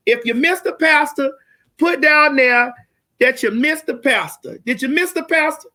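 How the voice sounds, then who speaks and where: A woman hosting a live-streamed comedy talk show, loud, brash and profane, hollering at her audience. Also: sits high, normal speed. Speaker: host.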